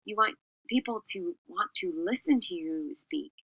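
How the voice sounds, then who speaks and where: Female teacher, clear expressive lesson delivery, bright tone, dry close sound. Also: lowish voice, unhurried, no room sound, rough recording. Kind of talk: classroom lesson on public speaking.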